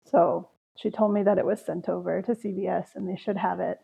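A woman's voice: on the low side, fairly even intonation, a little fast, vocal fry, dark tone, husky. A young woman hosting a solo podcast, chatting casually and telling stories about her day with sighs and laughs. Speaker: podcast host. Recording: tinny phone-like audio.

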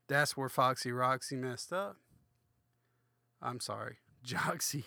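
A man's voice: medium pitch, expressive, slow, creaky, pauses often, pushed and bright, no echo, clean studio sound. A slightly drunk man hosting a comedic read-aloud of a children's book, rambling through crude, swearing asides. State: a little drunk. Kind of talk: comedic book reading with commentary.

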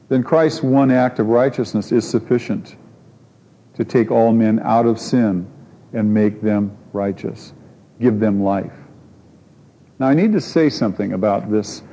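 A man's voice: mid-range voice, dark tone. A man preaching a sermon in an earnest, emphatic way, asking his listeners rhetorical questions. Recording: muffled recording in a reverberant hall.

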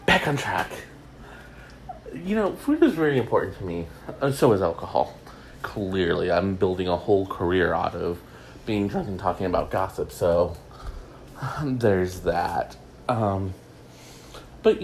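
A man with a low voice hosts a relaxed solo gossip talk, rambling and joking at his own expense. He trails off and restarts often. A faint hiss sits under the recording. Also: low-quality recording. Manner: chatty, rambling, self-mocking with many fillers. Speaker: gossip podcast host. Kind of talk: casual solo chat.

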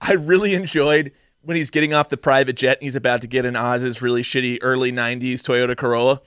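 A young man co-hosting a podcast in casual chat, animated, swearing freely and laughing often. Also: medium pitch, quick pace, clean tone, no echo, clean studio sound. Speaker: podcast co-host.

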